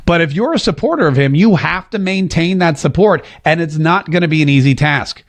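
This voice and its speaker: A man's voice: fairly high pitch, animated, brisk. A man hosting a political podcast, delivering an opinionated monologue and repeating phrases for emphasis. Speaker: political commentary host. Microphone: seated at a desk mic.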